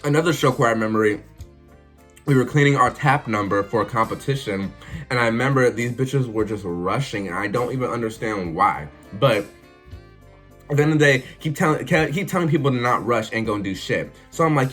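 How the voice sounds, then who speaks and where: A young man, telling funny stories in a casual, animated vlog full of swearing and laughter. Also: medium pitch, brisk, faint music behind. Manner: animated, swearing, laughing, acts out voices and sings snatches. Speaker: vlogger. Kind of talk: casual storytelling.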